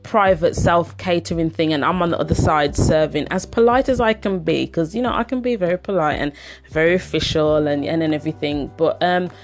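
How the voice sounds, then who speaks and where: A chatty woman telling a casual personal story, rambling along with plenty of "um"s. Her speaking voice sits fairly low, and soft music plays faintly behind her. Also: brisk. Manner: chatty, rambling, lots of fillers.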